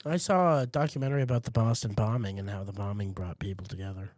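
A young man co-hosting a podcast in casual chat, telling a story with animated acted-out quotes. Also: lowish voice, fast talker, dry recording, studio quality. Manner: excited storyteller, acts out quoted voices loudly. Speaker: podcast co-host. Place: studio.

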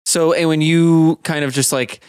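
A man's voice: on the high side, steady tone, normal speed, a little mellow, clean tone, no room sound, clean studio sound. A man running a tabletop game as game master, narrating loosely with lots of fillers. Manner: loose, filler-heavy description.

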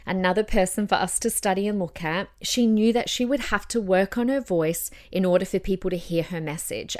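Encouraging woman giving voice advice. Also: fairly low pitch. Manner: encouraging, demonstrates voice changes as she talks. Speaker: podcast host and voice coach. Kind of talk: casual advice podcast.

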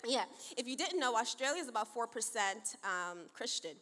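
In a large, echoing church auditorium, a thirtysomething woman pastor opens with church announcements and stories, acting out the dialogue and laughing often in a playful, chatty way. Her fairly high, expressive voice is pushed and bright, at a moderate pace. The sound is reverberant.

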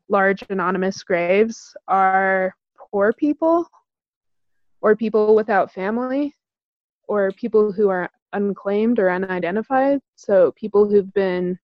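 A woman speaking earnestly in casual conversation, measured and indignant in tone. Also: medium pitch, dry recording. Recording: dull, dry lo-fi recording.

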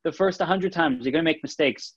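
A man co-hosting a casual podcast chat, talking in an animated way and often restarting his phrases. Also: on the high side, brisk, breathy edge, highs cut off. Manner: animated, restarts phrases, reads listener comments. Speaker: podcast co-host.

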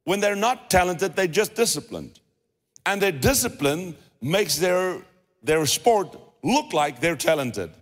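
Preaching slowly but animatedly in a high voice, a pastor delivers an emphatic sermon full of repeated phrases to press his points. The long reverb of a large hall surrounds him.

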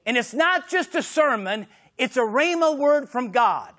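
A man preaching a sermon as pastor, swinging from shouted exclamations to hushed, intimate lines. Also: extremely high pitch, lively intonation, a little slow.

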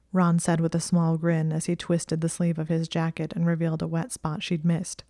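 Brief: steady storybook narrator, woman, darker warm tone. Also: deep voice, normal speed, dry recording, clean studio sound. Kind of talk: audiobook reading of fan fiction.

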